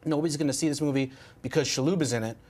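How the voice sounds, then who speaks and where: Man with a fairly high, emphatic voice. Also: rapid-fire, darkish tone. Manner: conversational, questioning, emphatic. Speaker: panelist, film writer. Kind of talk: casual panel discussion.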